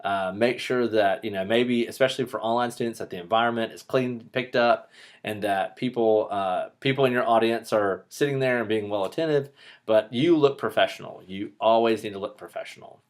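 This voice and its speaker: A man teaching public speaking in a recorded online lecture, talking a little fast and dropping joking asides. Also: lowish voice.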